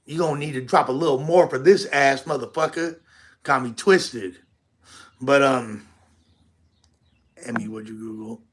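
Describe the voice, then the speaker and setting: Profane, animated male storyteller. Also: medium pitch. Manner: profane, animated, acts out quotes. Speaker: podcast host telling a tour story. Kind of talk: casual storytelling.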